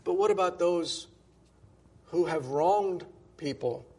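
A man's voice: sits high, takes it slowly, darkish tone, slightly rough. A male pastor preaching a sermon in a conversational way, often restarting phrases and stressing quoted scripture. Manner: conversational, with many restarts and emphatic quoting.

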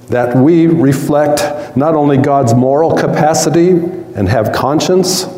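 A man's voice: medium pitch, warm tone, echoey room, in a large hall, rough recording. A man preaching a sermon as a pastor, conversational, with asides to the congregation.

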